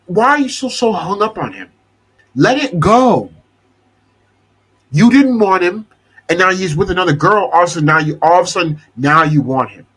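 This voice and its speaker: Husky, animated young male podcaster. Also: high voice, low-quality recording. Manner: animated, exasperated, swears freely. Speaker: podcast host. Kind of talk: casual rant about a TV show.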